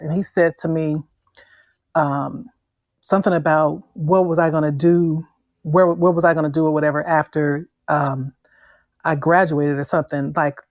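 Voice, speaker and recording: A woman, telling a personal story to a panel in an earnest, measured way. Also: low voice, dry recording.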